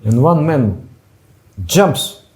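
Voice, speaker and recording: A man teaches a meditation retreat class in an easy, conversational way, breaking into chuckles and restarting his sentences. His voice sits a little high and swings widely in pitch. The room around him rings with echo. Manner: animated, chuckles often, halting with restarts. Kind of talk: relaxed spoken lecture. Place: retreat room at a yoga monastery. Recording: echoey room.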